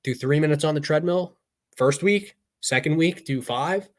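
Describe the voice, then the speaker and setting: A man's voice: fairly high pitch, normal speed. A young adult man co-hosting a podcast, giving loose motivational talk full of fillers. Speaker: podcast co-host.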